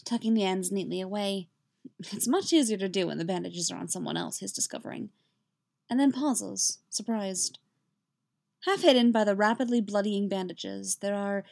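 A woman's voice: medium pitch, gravelly. Woman reading fan fiction aloud. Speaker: reader.

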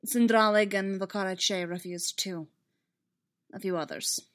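A woman's voice: medium pitch, fairly even intonation, measured pace, natural voice. A woman reading aloud, voicing a grim male Jedi knight in a wry, clipped, urgent way. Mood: tense. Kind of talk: fan fiction read aloud.

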